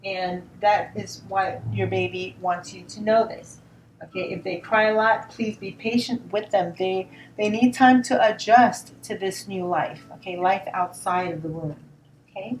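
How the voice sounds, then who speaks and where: A woman giving a spoken tarot reading in a gentle, reassuring tone, often repeating words and asking "all right?". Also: medium pitch, measured pace. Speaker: tarot reader. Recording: roomy sound from a distance, faint noise.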